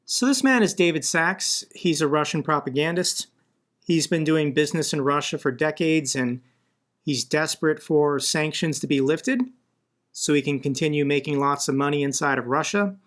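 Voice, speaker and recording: A man from the United States, a political commentator, delivers blunt, conversational news commentary in a casual video. His voice is fairly high and a bit bright, his pace moderate, and his indignation grows as he argues.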